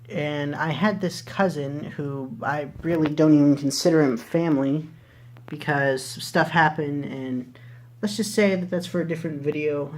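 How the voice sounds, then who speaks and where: A man's voice: on the high side, darkish tone, slight background noise. A young man vlogger telling a story casually, rambling with lots of fillers and swearing freely.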